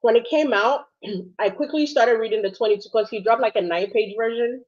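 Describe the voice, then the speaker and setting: A woman from Ghana co-hosting a casual livestream chat, a little under the weather, chatty and quick to laugh. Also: a little high, a little mellow. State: sick, struggling. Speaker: co-host. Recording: dull lo-fi sound.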